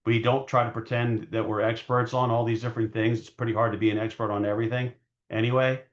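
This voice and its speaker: A man's voice: mid-range voice, flat delivery, fast talker. A male market analyst talks loosely through his charts in an everyday mid-range voice. He rambles and hedges, catches himself mid-sentence and restarts with plenty of fillers. The recording sounds a little dull and lo-fi. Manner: rambling, hedging, frequent fillers and self-corrections. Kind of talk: casual market commentary over charts.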